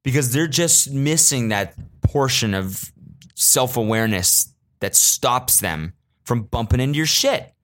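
A young adult man hosting a solo podcast, telling comedic stories casually and profanely, bursting into animated rants. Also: measured pace. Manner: animated, swings into loud high-pitched rants when quoting himself. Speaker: podcast host.

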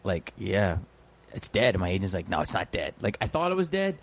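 A man's voice: low voice, very animated, fairly quick. A man, a comedian and actor, chatting casually and telling rambling stories, acting out quotes along the way. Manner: rambling storyteller, acts out quotes. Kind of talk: casual podcast chat.

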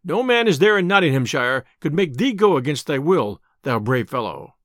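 A man's voice: fairly high pitch, sing-song, moderate pace, no echo, studio quality. A man doing a coaxing messenger. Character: flattering male sheriff's messenger.

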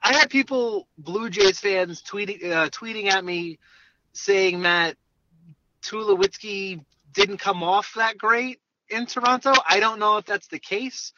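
A man from New Jersey, a baseball reporter joining a podcast by phone from his car, chatting in a joking, halting way. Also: high-pitched, sharp tone, highs cut off, slight background noise. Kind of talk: casual podcast chat. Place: in a car, driving.

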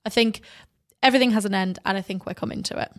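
A woman co-hosting a casual TV podcast in a chatty, animated way. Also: medium pitch, fast. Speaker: podcast co-host.

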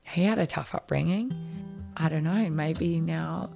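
With music behind her, a low-voiced Australian woman in her thirties talks a little slowly, with vocal fry. As a podcast guest she shares a personal story frankly and casually, playing out people's lines and filling her speech with fillers.

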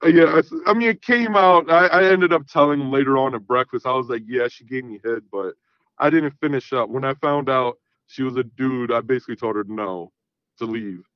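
A man's voice: medium pitch, brisk, dry recording, dull audio. A man in his thirties telling a long personal story in casual chat, rambling and often saying "you know what I mean". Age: 30s. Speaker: guest.

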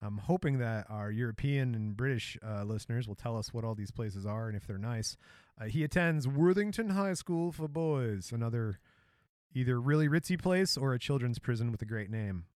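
A man's voice: medium pitch, lively intonation, normal speed, darkish tone, dry recording, studio quality. A middle-aged man from Michigan co-hosting a podcast, telling a life story in casual chat, joking and tripping over names. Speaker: podcast co-host.

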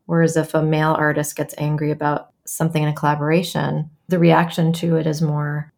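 A woman's voice: sits low, level tone, moderate pace, creaky, hardly any pauses, darkish tone. A woman playwright in an interview, speaking thoughtfully and acting out quoted voices with animation. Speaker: playwright and memoir author, guest. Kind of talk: reflective interview conversation.

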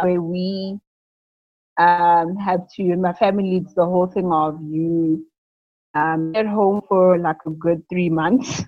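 A woman's voice: lowish voice, no room sound. Chatty young woman with lots of fillers. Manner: rambling, many fillers, laughs often. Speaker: new mother interviewee. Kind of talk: casual interview talk. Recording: dull lo-fi sound.

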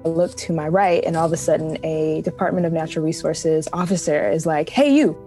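Emotional woman recounting, low-pitched. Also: flat delivery, brisk, dark tone, soft background music, rough recording. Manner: candid, emotional, laughs through hard moments. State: emotional, close to tears. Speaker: photojournalist. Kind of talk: personal storytelling interview.

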